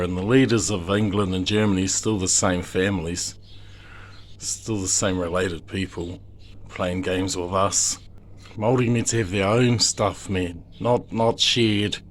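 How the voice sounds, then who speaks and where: A man's voice: on the low side, steady tone, measured pace, a little hiss or hum. A father with a New Zealand accent giving an emotional, rambling monologue to camera, pleading and swearing heavily. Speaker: video maker. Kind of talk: impassioned direct-to-camera monologue.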